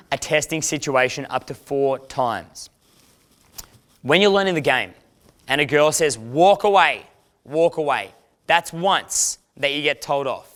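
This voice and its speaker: A man's voice: medium pitch, fairly bright tone, clear, resonant tone. A man, a dating coach giving a casual, profane instructional talk and acting out quoted lines.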